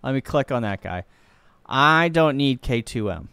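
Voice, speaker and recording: A man from Missouri, a ham radio operator, chatting casually and joking on a live stream while he works the radio and thinks out loud. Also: medium pitch, expressive, measured pace, gravelly, smooth, no room sound. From Missouri, USA.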